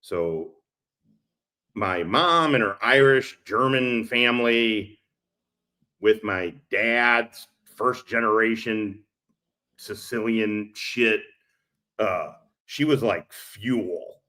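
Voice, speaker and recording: Speaking very slowly with frequent pauses, this man has a fairly low, sharp-toned voice. As a streamer reacting to clips, he laughs often and tells rambling, profane stories live, recorded on his laptop's built-in mic.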